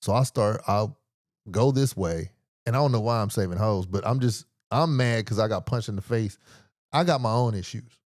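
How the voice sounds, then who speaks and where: Low-voiced man telling a profane story. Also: normal speed, darkish tone, no echo, clean studio sound. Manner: laid-back, profane, slangy storytelling with acted quotes. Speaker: podcast host. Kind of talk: casual comedic storytelling.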